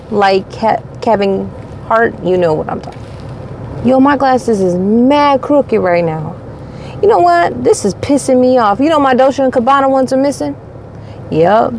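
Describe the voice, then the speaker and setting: A woman's voice: on the high side, darkish tone, slight background noise. A woman vlogging from inside her car, joking around in a playful, slangy way. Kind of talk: casual rambling selfie vlog. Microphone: camera mounted in the car.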